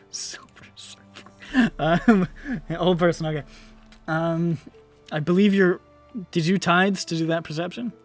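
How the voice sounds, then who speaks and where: Excitable high-voiced male game master. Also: unhurried, long pauses, soft background music. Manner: laughing often, swearing, excitable. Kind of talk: narrating a tabletop game.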